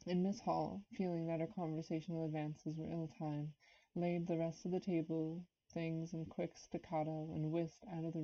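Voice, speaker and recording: Her voice sits low and mellow as she works through a classic novel on a live stream. Somewhat nervous, she breaks off at times to chat with viewers, remarking on things and saying hello to people in chat, all over dull, lo-fi audio.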